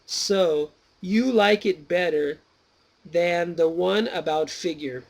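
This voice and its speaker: Old greek philosopher socrates, read out by a guy, high voice, dragging each word out patiently. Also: exaggerated voice. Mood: probing. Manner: slow, measured, drawn-out reading.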